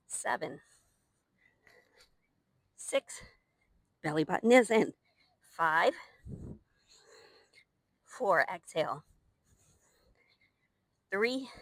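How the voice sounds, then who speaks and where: This young woman teaches Pilates live, counting reps and cheering people on while panting from doing the moves herself. Her mid-range voice is creaky and a little bright, captured with no echo on a new microphone.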